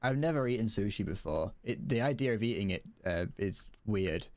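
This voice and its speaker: British male streamer, lowish voice, rambly and stammering, loose off-the-cuff commentary. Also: expressive, moderate pace, darkish tone. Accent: British English. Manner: rambling, stammers and restarts, chuckles often. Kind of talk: casual game-stream chatter.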